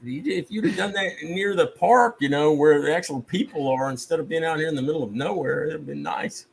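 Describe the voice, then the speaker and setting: A man with a gravelly, creaky voice spins a profanity-laced gaming story on his stream. His pitch sits a little high for a man, and a faint hiss of background noise runs under his voice. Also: brisk, low-quality recording. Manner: profane, animated storytelling with mock-outraged asides. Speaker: streamer host. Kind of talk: casual storytelling chat.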